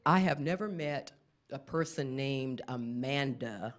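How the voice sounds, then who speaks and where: A middle-aged woman performing a stand-up comedy set, often jumping into squeaky acted-out voices. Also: slow pace.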